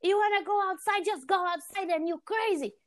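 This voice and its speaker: A woman putting on the voice of her panicky, scolding mother, who yells repeated warnings. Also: very high voice, fairly quick, no room sound, studio quality, voice pushed up.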